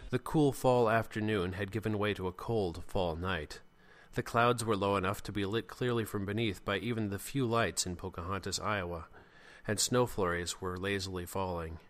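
A man reading a serial story in steady, plain narration. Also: on the low side, moderate pace.

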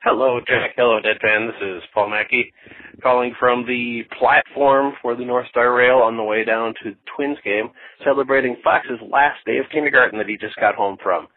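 A man's voice: medium pitch, fairly even intonation, moderate pace. A father calling in from an outdoor rail platform over the phone, chatting casually. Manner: casual, chatty, coaxing his young son. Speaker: caller, father. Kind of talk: phoned-in voicemail. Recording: tinny phone line.

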